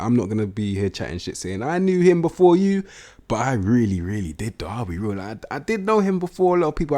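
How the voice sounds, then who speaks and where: A young man giving casual, slangy video game commentary, blunt and prone to excited outbursts. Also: on the low side. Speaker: gaming YouTuber.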